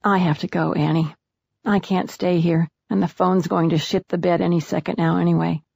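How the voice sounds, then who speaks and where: Woman reading calm dead husband, gravelly, husky, matter-of-fact, tender, audiobook. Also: fairly low pitch, moderate pace, no echo, dull audio. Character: man calling his wife from beyond death. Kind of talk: audiobook character voice.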